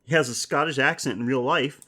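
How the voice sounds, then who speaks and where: A man's voice: medium pitch, fairly quick, bright, forceful tone. A man co-hosting a horror film podcast in casual chat, rambling, swearing and laughing often. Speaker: podcast co-host.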